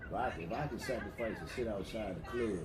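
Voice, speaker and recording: A man's voice: fairly low pitch, fast talker, crowd noise. A man speaking as a podcast guest and band manager, venting his grievances at length. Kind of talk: casual chat. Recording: echoey room with background noise.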